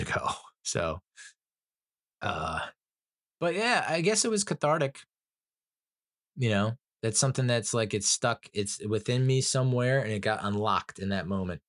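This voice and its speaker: Low-voiced man rambling about a movie. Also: no room sound, studio quality. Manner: emotional, rambling, swears a lot. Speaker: movie reviewer. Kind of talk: casual movie review monologue.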